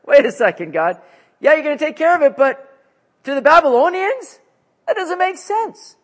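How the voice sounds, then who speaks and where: A man voicing an anxious male prophet pleading urgently with God, his voice pushed up high. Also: animated, moderate pace. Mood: alarmed.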